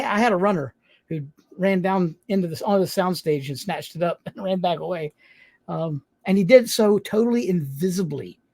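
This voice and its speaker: A man's voice: high-pitched, darkish tone, no room sound. A man who hosts a game show, telling stories as a podcast guest, acting out voices and laughing often. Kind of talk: casual podcast interview.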